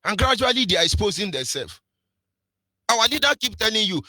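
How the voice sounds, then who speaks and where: A man's voice: sits high, sing-song, brisk, long pauses, bright, forceful tone, no echo. A man with a Nigerian accent giving impassioned political radio commentary, preachy, firing off rhetorical questions and sing-song emphasis. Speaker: radio presenter.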